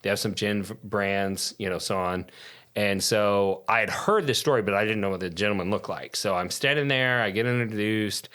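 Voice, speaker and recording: Low-voiced man telling a lively story. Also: moderate pace. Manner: lively anecdotal storyteller who swears freely. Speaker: podcast guest. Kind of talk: casual storytelling.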